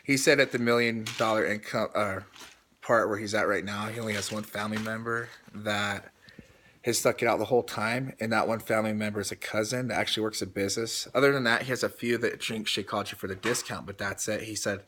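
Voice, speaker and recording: A man with a somewhat low voice, talking casually as he recaps a call he took notes on. He rambles, retells what was said at length and restarts his sentences often. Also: fairly even intonation, a little fast, sharp tone, a little hiss or hum. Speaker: team coach recapping a call.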